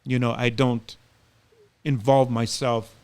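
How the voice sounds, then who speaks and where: A middle-aged community activist, appearing as a podcast guest, tells stories in loose, casual talk full of fillers, animatedly acting out quoted dialogue. His medium-pitched voice is slow, clear and resonant, with no echo.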